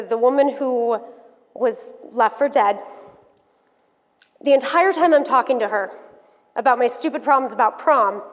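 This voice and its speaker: A woman in her thirties giving a motivational keynote talk, telling her story in an animated, frank and playful way to the audience. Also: on the high side. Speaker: keynote speaker. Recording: dull sound, long hall reverb.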